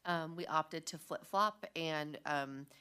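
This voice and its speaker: A woman with a somewhat low voice explains agenda corrections to a school board. She talks in a relaxed, conversational way and slows down carefully over each item number. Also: clear, resonant tone. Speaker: district staff member reporting agenda changes. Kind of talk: explaining agenda items at a meeting.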